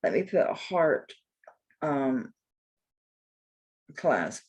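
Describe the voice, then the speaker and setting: An older woman with a husky voice runs a live jewelry sale, talking slowly and mostly to herself. Her pitch rises and falls widely, and she drops in some mild cursing as she goes. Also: very animated, darkish tone, dull audio. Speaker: jewelry seller. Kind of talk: live sale, chatty self-talk while looking up items.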